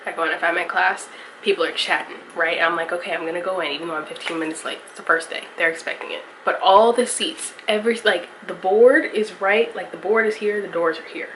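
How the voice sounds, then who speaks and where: Young woman, casual vlogger, low-set voice, recorded with noticeable ambient noise. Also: fairly even intonation, fairly quick, fairly bright tone, poor audio. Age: young adult. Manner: chatty, swears casually, storytelling recap. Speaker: college student vlogger. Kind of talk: casual vlog. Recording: vlog with clear ambient noise.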